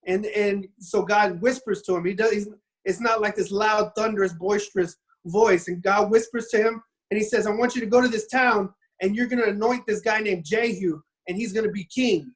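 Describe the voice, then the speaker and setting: At normal speed and in a high-pitched voice, a man casually recounts a Bible story on a podcast. His telling meanders with stumbles and restarted sentences, and he acts out what the characters say in little voices.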